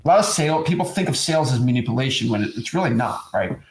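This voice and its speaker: A man co-hosting a casual coaching talk on real estate, animated and mimicking sales calls. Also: medium pitch, very fast, reverberant. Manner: animated, acts out sales calls with mocking voices. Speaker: co-host teaching real estate wholesaling.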